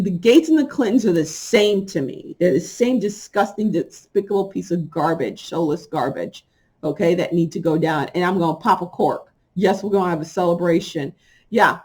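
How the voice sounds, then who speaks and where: A middle-aged woman talking straight to her viewers in a casual monologue, emphatic and indignant, speaking in quick bursts broken by laughs. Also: medium pitch, a little mellow, slightly rough. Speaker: spiritual vlogger.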